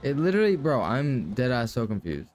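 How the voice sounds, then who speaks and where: A man's voice: medium pitch, sing-song, brisk, a little mellow, soft background music. A young man streaming a game, talking casually to his chat and ranting with lots of swearing.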